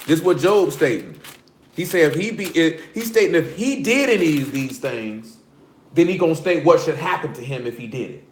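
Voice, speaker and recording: A man preaches with blunt, animated energy, reading scripture and then breaking into street slang. His voice sits a bit high for a man. The sound rings around an echoey room. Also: normal speed, slight background noise. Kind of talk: street-style sermon.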